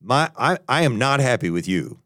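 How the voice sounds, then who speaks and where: Animated earnest male preacher. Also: moderate pace, dry recording, studio quality. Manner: earnest, dramatic, voices pleading prayers with rising pitch. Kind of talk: sermon.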